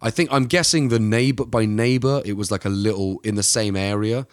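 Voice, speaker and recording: A man with a lowish voice co-hosts a casual true-crime chat, rambling playfully through the story. The sound is close and dry. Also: fairly quick, dry recording. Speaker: podcast co-host.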